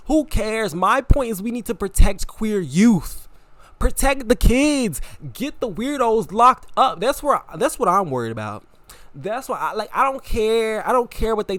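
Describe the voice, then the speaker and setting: A young man hosting a podcast, talking in a casual, animated, repetitive way with frequent laughter. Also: high voice, no echo. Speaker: podcast host. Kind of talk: casual opinion monologue.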